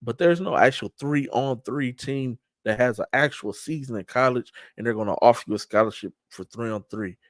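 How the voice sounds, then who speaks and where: A man's voice: medium pitch, a little fast, few pauses, dry recording. Middle-aged man, sports talk host, emphatic, streetwise, restarts, dry close sound. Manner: emphatic, trash-talking streetwise delivery with repeated restarts. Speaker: show host and event organizer. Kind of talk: casual talk-show monologue.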